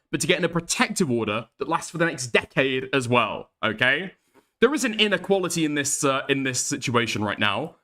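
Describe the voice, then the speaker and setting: A man's voice: fairly high pitch, pushed and bright. A man hosting a livestream, arguing bluntly and profanely with a caller. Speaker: streamer host. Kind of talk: heated livestream commentary.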